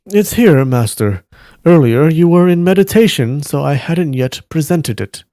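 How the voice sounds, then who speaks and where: A man's voice: a little high, expressive, unhurried, mellow, dry recording, voice pushed up. A man doing a respectful scholar disciple. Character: respectful middle-aged male scholar disciple.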